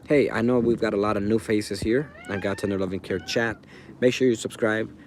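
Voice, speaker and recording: Male stream host, casual and meandering, low voice, outdoor air behind him. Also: steady tone, fairly quick, a little hiss or hum. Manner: rambling, talks to chat viewers by name. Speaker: livestream host. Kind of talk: casual live chat. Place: outdoors by a fire.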